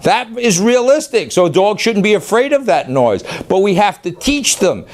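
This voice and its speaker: A man who runs a dog training facility, talking loosely and excitably as he demonstrates training, now and then yelling playfully. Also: sits high, normal speed. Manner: loose, rambling, excitable, yells playfully at times. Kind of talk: casual on-camera demonstration.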